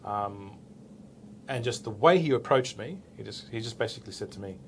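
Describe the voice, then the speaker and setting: There's some vocal fry in this fairly low, brisk male voice, and a little background noise. He's an Australian police officer in his forties, animatedly recounting a story in a casual interview, acting out the conversation and tacking on "right?"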